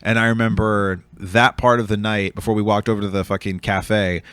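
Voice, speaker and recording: A man runs a casual podcast chat, spinning a rowdy story at a quick clip with plenty of swearing. His voice sits a little low, and the sound is close and dry with no room echo. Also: clear, resonant tone. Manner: fast, profane, animated storytelling. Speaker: podcast host.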